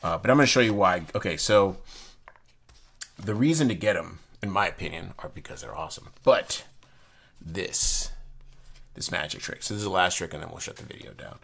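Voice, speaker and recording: A man with a notably deep, low voice, talking casually to camera about playing cards. He rambles and trips over his words, restarting sentences often. His enthusiasm comes in quick bursts. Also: vocal fry, a bit bright. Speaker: playing card reviewer. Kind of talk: casual video review.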